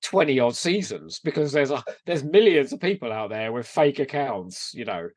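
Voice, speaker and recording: A man's voice: mid-range voice, normal speed, no room sound. Man chatting animatedly on a podcast. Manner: animated and exclaiming, often breaking into laughter. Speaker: podcast co-host. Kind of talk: casual chat.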